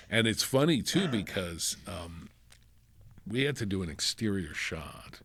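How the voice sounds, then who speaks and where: Deep-voiced New Jersey man telling stories. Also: measured pace, creaky. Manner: animated anecdotes, acts out quoted voices, swears casually. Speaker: film crew member, interview guest. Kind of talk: casual storytelling interview.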